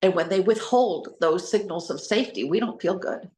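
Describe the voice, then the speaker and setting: In an echoey space, a woman hosts a relaxed talk on trauma recovery, her fairly low, expressive voice moving at a normal speed with a slightly mellow quality. She's sincere and meandering, spelling out words and frequently beginning sentences again.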